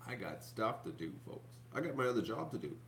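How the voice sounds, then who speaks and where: A man's voice: mid-range voice, big pitch swings, a little fast, creaky, a bit bright, slight background noise. A man, hosting a casual vlog, rambling to his viewers with lots of fillers and restarts. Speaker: YouTube channel host.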